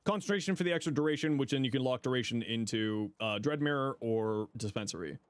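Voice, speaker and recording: A man's voice: mid-range voice, fast, smooth, no echo. A man giving casual livestream commentary, thinking aloud with frequent fillers while he gives friendly advice to viewers. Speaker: streamer reviewing viewers' game builds.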